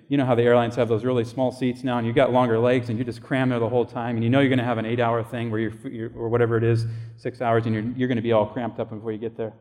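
A man's voice: medium pitch, darkish tone. Brief: male pastor, storytelling sermon, casual and conversational, plays out the dialogue, long hall echo. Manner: conversational storytelling, acting out quoted voices.

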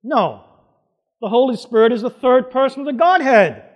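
A man's voice: very high-pitched, expressive, normal speed, big-room sound. A male pastor preaching a sermon to a congregation, emphatic and putting questions to the room. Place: church hall before a congregation.

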